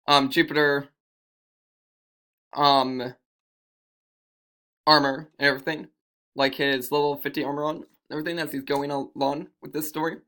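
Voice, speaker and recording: Rambling, bright-toned male storyteller. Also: a little high, flat delivery, normal speed, pauses often. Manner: rambling, self-correcting. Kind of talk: improvised fantasy storytelling.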